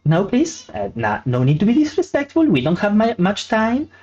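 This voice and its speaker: A man's voice: wildly swooping pitch, darkish tone, faint music behind. A man voicing a small, short-tempered female bunny witch, pushy and chirpy, in a tabletop game. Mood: urgent. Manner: high chirpy and pushy, quick to snap. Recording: muffled lo-fi audio.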